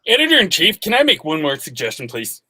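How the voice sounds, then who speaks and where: A man's voice: on the high side, wildly swooping pitch, fast talker, bright, forceful tone, slight background noise, voice pushed down, heavily acted. A man voicing a fussy, earnest office writer who speaks primly. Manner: prim, earnest, oddly fussy. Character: fussy eccentric male writer.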